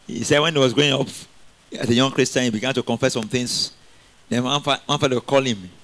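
A man preaching a sermon in an animated way, asking the congregation questions and laughing often. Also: mid-range voice, quick pace.

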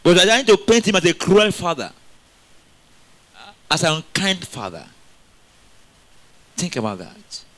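A man preaching a sermon in an animated way, asking the congregation questions and laughing often. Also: high-pitched, unhurried, pauses often.

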